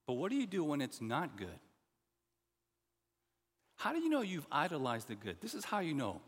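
A middle-aged man preaching a sermon as pastor, earnest and animated, with many restarts and asides. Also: a little high, normal speed, slightly rough. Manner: animated, earnest, with frequent restarts and "you know". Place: church sanctuary. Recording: long hall reverb.

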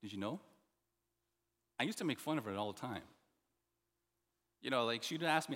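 A middle-aged man preaching a sermon as pastor, earnest and animated, with many restarts and asides. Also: medium pitch, moderate pace, long pauses. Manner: animated, earnest, with frequent restarts and "you know". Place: church sanctuary. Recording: long hall reverb.

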